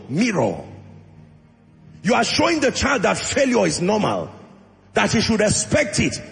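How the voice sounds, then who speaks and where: A man preaching a sermon as pastor, acting out short dialogues and rising into shouted prayer. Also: high voice, very animated, moderate pace, vocal fry. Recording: music under voice in a large reverberant hall.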